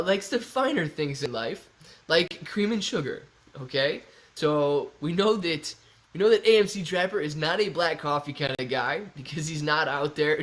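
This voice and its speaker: A man's voice: a little high, a bit bright. A young man hosting a casual livestream, joking around and reading viewer comments aloud. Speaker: livestream host.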